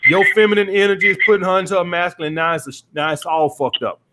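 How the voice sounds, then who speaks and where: High-voiced blunt profane coach. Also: male voice, fast talker, very noisy. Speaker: dating coach taking calls. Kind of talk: call-in advice show.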